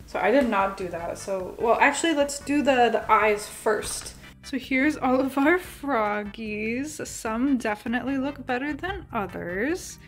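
Young woman, twenties, slightly high-pitched, rambling, self-deprecating, filler-heavy, cooking vlog, faint background music. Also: animated, measured pace, hardly any pauses, a bit bright. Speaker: cooking vlogger. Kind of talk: casual chatty cooking vlog. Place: home kitchen.

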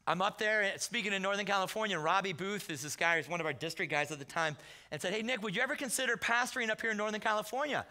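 Man, pastor, comic storytelling sermon, high and animated, gravelly edge. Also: fast. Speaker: guest pastor. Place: church sanctuary.

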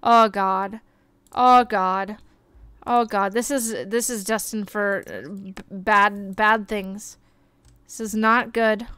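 A young woman streaming a life-simulation game, chatting excitedly and gushing over the characters as she plays. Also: mid-range voice, slow pace, clear, resonant tone, no echo. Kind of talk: life-sim gameplay commentary.

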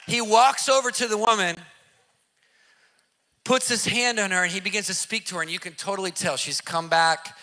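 A man's voice: high-pitched, moderate pace. A man preaching through a personal story in casual slang, acting out the voices of the people in it and repeating lines for emphasis. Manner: excited, acts out quoted voices, repeats phrases for emphasis; casual slang, addresses listeners directly. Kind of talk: animated testimony storytelling.

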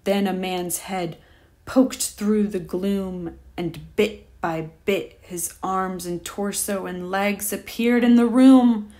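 A woman reading a rhyming children's picture book aloud with a lively, rhythmic delivery. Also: medium pitch, slow. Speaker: storyteller.

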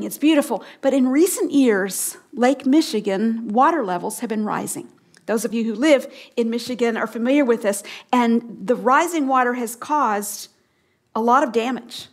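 Emphatic woman teaching a sermon. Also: high-pitched. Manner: emphatic, repeats key phrases slowly, drops to a hush. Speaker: Bible teacher. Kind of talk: teaching sermon to a live audience.

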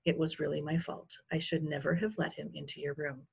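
A woman reading aloud, voicing a calm mother who speaks soothingly. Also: low-pitched, a little fast, vocal fry, breathy edge, exaggerated voice. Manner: soothing, reassuring.

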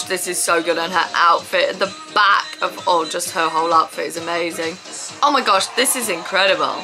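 A woman giving an excited, casual reaction commentary as a dance vlogger, gushing, gasping and exclaiming as she watches. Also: medium pitch. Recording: music playing loudly behind her.

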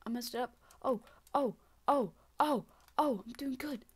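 A woman giving casual, excitable gameplay commentary, talking to herself and running herself down, swinging from muttering to shrieking. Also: high voice, unhurried, husky. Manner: self-deprecating, talks to herself. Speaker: gaming channel host.

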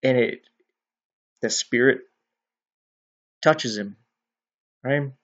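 A man's voice: mid-range voice, very slow, fairly bright tone. Casual man explaining scripture, lo-fi. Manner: conversational, often ends with "right?". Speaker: bible teacher. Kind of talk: casual bible teaching.

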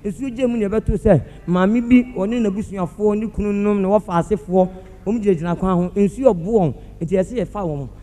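A man with a Ghanaian accent performing a live comedy monologue on a theatre stage, animated and acting out sounds with his voice. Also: high-pitched, a little fast. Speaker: comic storyteller. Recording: hall reverb with faint music.

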